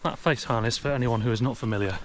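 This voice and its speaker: An English man with a mid-range voice talks fast and chattily as an outdoor vlogger, filmed on an action camera in a forest with wind noise. He gives casual commentary while walking and speaks to his dog in a raised, sing-song voice.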